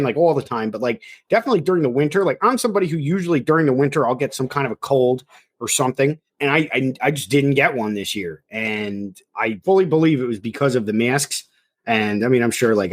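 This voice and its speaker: Easygoing man chatting as podcast co-host. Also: medium pitch. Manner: easygoing, chimes in and agrees readily. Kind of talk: casual comedic chat.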